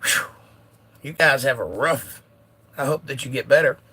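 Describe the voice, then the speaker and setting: A man with a slightly hoarse, bright voice hosts a relaxed live stream from home. He reads chat comments aloud and answers them in an easygoing, chatty way. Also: medium pitch, normal speed. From United States. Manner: laid-back, reads viewer comments aloud. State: a little hoarse. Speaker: livestream host reading chat.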